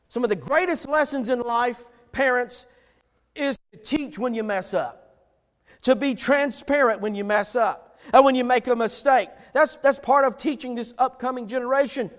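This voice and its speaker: A middle-aged male pastor delivers an emphatic sermon, stacking repeated phrases to drive points home. His voice sits very high for a man. A long reverb trails each line in the sanctuary. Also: expressive, normal speed, fairly bright tone.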